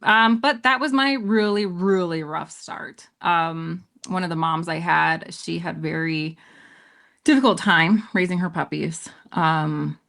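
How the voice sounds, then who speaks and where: A woman dog breeder, a podcast guest, telling her story in an animated, self-mocking way and laughing often. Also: on the low side, a little slow, vocal fry. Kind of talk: casual storytelling interview.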